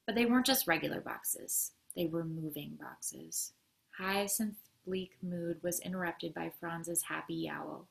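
A woman educator reading a children's novel aloud, expressive with occasional slips. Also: on the low side, vocal fry.

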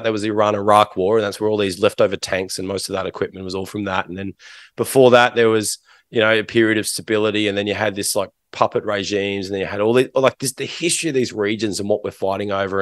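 A man's voice: on the low side, no echo, clean studio sound. An Australian man in middle age, a podcast guest telling long stories in a rambling way, full of restarts and fillers. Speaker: interview guest. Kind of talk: casual interview talk.

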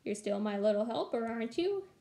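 A woman's voice: fairly high pitch, very animated, brisk, gravelly, warm tone. A woman doing a playful old grandpa. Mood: coaxing. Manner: coaxing, teasing.

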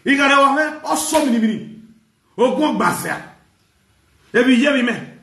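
A Nigerian man with a loud, mocking manner, ranting in a gossip vlog with bursts of shouting and laughter. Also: very high voice, lively intonation, normal speed, gravelly, reverberant. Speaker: gossip vlogger.

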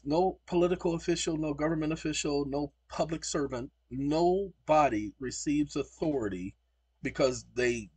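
Over a screen recording, a channel host lectures combatively, stopping to spell words out letter by letter. He sounds a little high, dark-toned and slightly rough, and the recording is dry.

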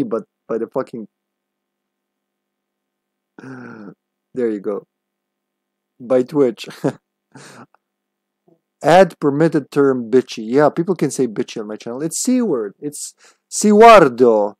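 A man's voice: mid-range voice, animated, slow pace, long pauses, dark tone, dry recording. A man streaming a game live, chatting casually with viewers and swearing freely as he plays. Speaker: livestream gamer. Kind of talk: casual live gameplay commentary.

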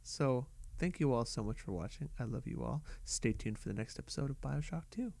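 A woman from Canada giving casual, playful commentary while playing a game, swearing and shouting when startled. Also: very deep voice, animated, a little fast, gravelly. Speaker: let's play host.

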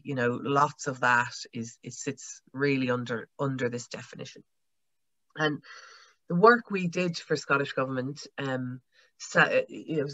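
A woman with an Irish accent talks through her presentation on a video call in a friendly, loose manner, pausing often as she goes. Her voice is bright and forceful. The sound is dry and a little dull, like lo-fi call audio. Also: a bass voice, no room sound. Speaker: guest speaker, consultant.

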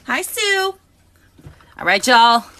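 A woman hosting a live unboxing, chatting excitedly and greeting viewers by name. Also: a little high, slow. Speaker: live-stream host.

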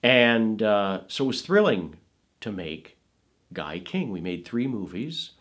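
A man's voice: on the low side, big pitch swings, slow pace, a bit bright. A middle-aged man, a film producer and voice actor, telling stories about his career in an interview, rambling with many asides and restarts. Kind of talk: conversational interview storytelling.

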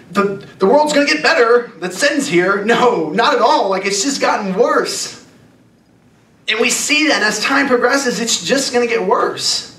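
A man's voice: sits high, fairly bright tone. A man preaching a sermon to students as youth pastor, earnest and conversational, repeating phrases for emphasis. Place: church youth hall. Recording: echoey hall, mic at a distance.

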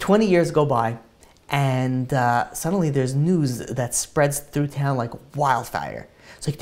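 A man's voice: a little high, fairly quick. A man, a rabbi, tells a long story in a sermon, acting out the voices with lots of fillers. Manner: animated storyteller, acts out dialogue, many fillers.

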